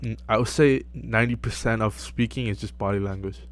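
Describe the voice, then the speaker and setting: A young man giving casual self-improvement advice to camera, relaxed and full of fillers, often checking in with "right?". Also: lowish voice, brisk. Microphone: close mic.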